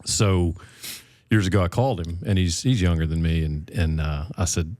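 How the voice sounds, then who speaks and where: Deep-voiced man telling stories, dry close sound. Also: moderate pace, dry recording. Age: middle-aged. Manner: relaxed storyteller, folksy and self-deprecating. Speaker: podcast co-host. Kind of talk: casual chat.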